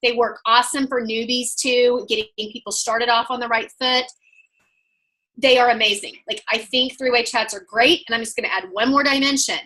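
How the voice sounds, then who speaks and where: Bright-voiced Oklahoma woman coaching a group. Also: fairly high pitch, fairly even intonation, normal speed, rough recording. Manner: emphatic, upbeat coaching. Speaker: sales trainer.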